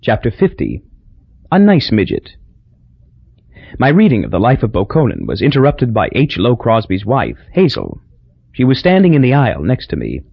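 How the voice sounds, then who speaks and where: Gravelly man narrating an audiobook. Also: mid-range voice, wildly swooping pitch, moderate pace, dry recording. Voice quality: gravelly and husky. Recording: dull lo-fi dry audio.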